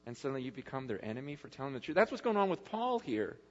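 A man preaching a casual, conversational sermon, excitable and acting out the lines he quotes. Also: medium pitch, racing, in a large hall. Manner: excitable, casual, acts out quotes with lively swings. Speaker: pastor.

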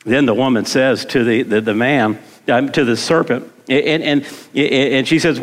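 A middle-aged pastor gives an unhurried, conversational sermon, repeating words and asking the congregation questions. His medium-pitched voice keeps a fairly even intonation, heard through long hall reverb.

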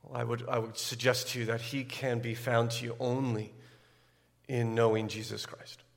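A man's voice: flat delivery, normal speed, creaky. Man preaching in an echoing hall. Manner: repeats words when building emphasis, rises loud and high at key points. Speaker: pastor. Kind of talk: sermon.

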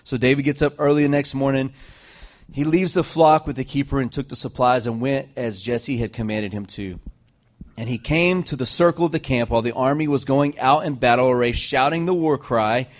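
A man preaching to a congregation, retelling a scripture story with lively joking asides. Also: medium pitch, a little fast.

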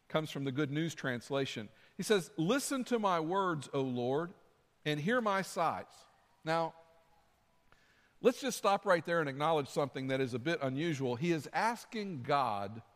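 A man's voice: a little high, big-room sound. A man preaching a sermon as pastor, earnest and conversational, repeating his phrases. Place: church sanctuary.

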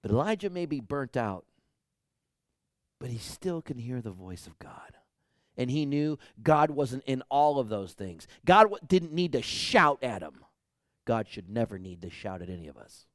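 A man preaching a sermon, swinging from loud emphasis to whispers and building repeated calls to action. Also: mid-range voice, lively intonation, moderate pace, no room sound, studio quality. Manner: repetitive exhortations. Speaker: pastor.

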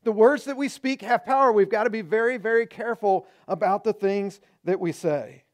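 A middle-aged man preaching a sermon as pastor, conversational and animated, acting out quoted remarks. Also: sits high, normal speed.

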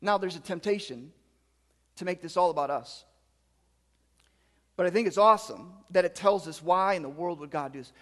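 A man with a high voice delivers a sermon, moving from scripture reading into explanation. He drives his points home through repeated, emphatic phrases. His voice carries a long reverberant tail, as in a large hall. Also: normal speed, pauses often, fairly bright tone. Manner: reads scripture then preaches with rising emphatic repetition. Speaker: pastor.

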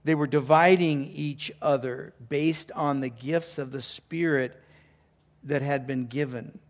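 A middle-aged man, a pastor preaching a conversational, enthusiastic sermon with restarts and throat-clearing. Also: fairly high pitch, steady tone, slow.

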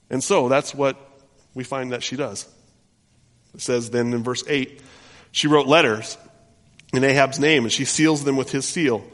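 A male pastor retelling a scripture story in an animated sermon, often restarting his sentences. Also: mid-range voice, unhurried, pauses often. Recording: long hall reverb.

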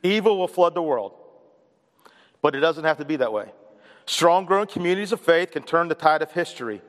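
High-voiced preaching man in a reverberant hall. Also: expressive, brisk. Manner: emphatic, repetitive preaching with call-and-response. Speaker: pastor. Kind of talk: sermon. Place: church sanctuary.

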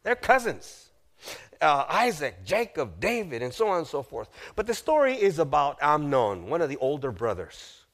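A male pastor preaching a sermon, retelling a story with drama, asking the audience questions and dropping to a hushed voice at grave moments. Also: on the high side, wildly swooping pitch, moderate pace. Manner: dramatic, acts out the figures in quoted lines, asks the audience questions.

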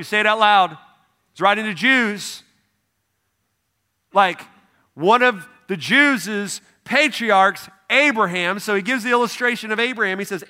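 A man's voice: high voice, moderate pace, sharp tone. A man preaching a sermon as pastor, conversational and emphatic, asking his congregation questions. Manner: emphatic, repeats "no, no, no".

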